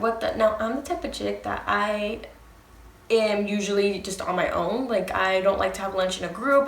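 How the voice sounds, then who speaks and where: A woman's voice: medium pitch, reverberant. Chatty woman telling a storytime. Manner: animated, profane, talks straight to viewers. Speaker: storytime vlogger. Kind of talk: casual storytime.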